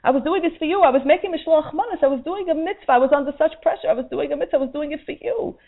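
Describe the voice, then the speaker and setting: A harried young mother pleads frantically, her voice jumping high and breathless, as a woman storyteller puts her on. The sound is thin and tinny, like a phone line. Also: rapid-fire. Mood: pleading.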